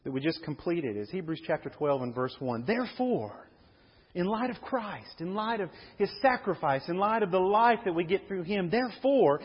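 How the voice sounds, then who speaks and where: A pastor preaching a sermon with lively delivery, acting out the voices of Bible figures. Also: male voice, high voice, a little fast, hardly any pauses, slightly rough. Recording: dull lo-fi audio with long hall reverb.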